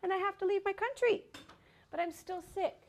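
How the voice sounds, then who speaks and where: A woman voicing a sick, hungry male beggar who pleads for food, in a high, plaintive voice. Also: fairly quick. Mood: pleading.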